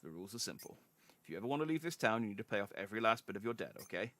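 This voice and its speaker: A man voicing a cold, greedy male debt collector, talking lower and quieter than his own voice in a stern, clipped, lecturing way. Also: very animated, very fast, no echo.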